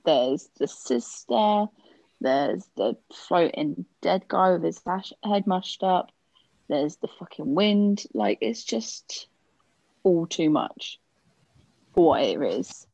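A woman's voice: lowish voice, animated, slow, gravelly, darkish tone, no room sound. A woman, co-hosting a film podcast, talking hesitantly in a rambling, casual way with frequent swearing. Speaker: podcast co-host. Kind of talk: casual film review chat.

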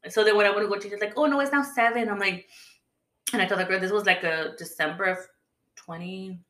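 A woman's voice: medium pitch, flat delivery, quick pace, fairly bright tone. A woman in casual podcast chat, telling stories in a chatty way and acting out the voices of people she quotes. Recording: echoey room.

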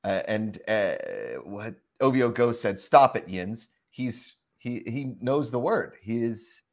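Man in his forties, from Pittsburgh, chatty co-host, mid-pitched voice. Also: slow pace. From Pittsburgh, Pennsylvania. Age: 40s. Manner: animated, rambling with fillers. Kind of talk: casual live show chat.

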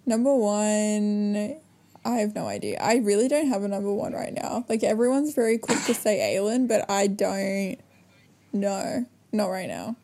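A woman's voice: mid-range voice, lively intonation, unhurried, dark tone, a little hiss or hum. A young woman co-hosting a podcast, chatting casually and giggling with lots of fillers. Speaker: podcast co-host. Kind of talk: casual chat.

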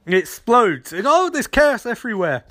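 A young man recapping and reviewing a TV episode in a casual, animated way, swearing freely. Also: very high voice, moderate pace.

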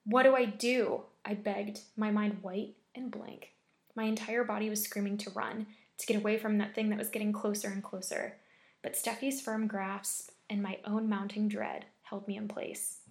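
A woman reading a scary story aloud with steady, measured storytelling. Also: mid-range voice, gravelly. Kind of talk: scripted horror story narration.

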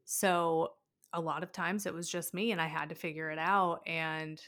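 Woman, thirties, candid animated storytelling, bright voice. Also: low-pitched, normal speed. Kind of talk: casual conversation.

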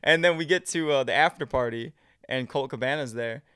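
A young man, a podcast guest, telling stories in casual chat, animated, swearing and laughing often. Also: mid-range voice, fairly quick, smooth, no echo, clean studio sound.

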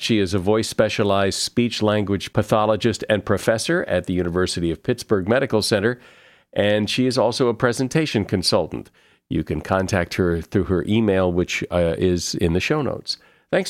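Low-voiced male podcast host, dry sound. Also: normal speed, dry recording. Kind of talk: conversational interview.

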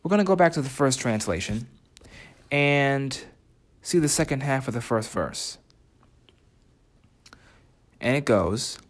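Male writing instructor, mid-pitched, reflective lesson delivery with questions to the listener. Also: expressive. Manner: reflective, asks listeners questions, reads lyric quotes slowly. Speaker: writing teacher. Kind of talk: spoken lesson comparing translations.

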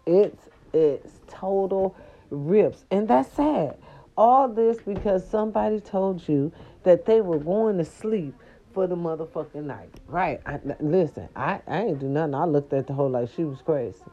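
An older woman telling a story to her viewers in a casual, animated, profane way, with speech. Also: lowish voice, measured pace. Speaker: storyteller vlogger. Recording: dull lo-fi recording.

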